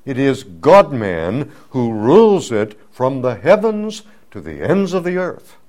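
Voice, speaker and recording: A man preaching a sermon, teaching slowly and deliberately, building to emphatic swells on key words. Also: mid-range voice, wildly swooping pitch, darkish tone.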